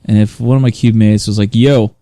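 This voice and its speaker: A man's voice: lowish voice, little pitch movement, quick pace, mellow, dry recording. A man co-hosting a casual podcast, chiming in with dry, wry remarks. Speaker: podcast co-host. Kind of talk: casual chat.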